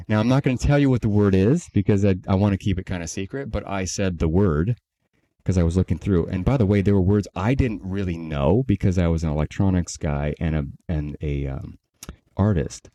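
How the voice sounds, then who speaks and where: A man co-hosting a podcast, telling a long story in a casual, animated way and acting out the people he quotes. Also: low voice, fairly quick. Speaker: podcast co-host, company CEO.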